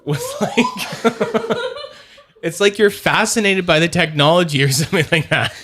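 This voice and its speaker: A man's voice: on the high side, a little fast, noisy background. A young man hosting a casual livestream chat, rambling, restarting his sentences and laughing often. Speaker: podcast host.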